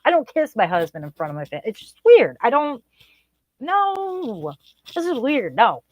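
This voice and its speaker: A woman co-hosting a podcast, telling embarrassing stories in casual chat with animated, incredulous delivery and big jumps in pitch. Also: moderate pace, dry recording. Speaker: podcast co-host.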